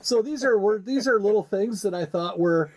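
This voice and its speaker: A man's voice: high-pitched, moderate pace. A man co-hosting a comedy podcast, chatting casually with a joking, rambling, teasing manner. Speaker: podcast co-host.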